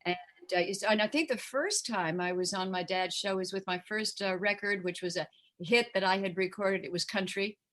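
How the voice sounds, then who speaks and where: A woman's voice: medium pitch, normal speed, fairly bright tone. An older woman from the United States, a guest singer and actress chatting casually in an interview, full of "you know" fillers.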